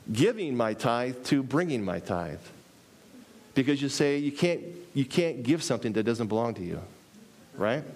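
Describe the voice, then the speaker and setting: Male preacher, sermon delivery, lively, repeats lines for emphasis, mid-pitched voice. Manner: animated, acts out dialogue with pitch jumps.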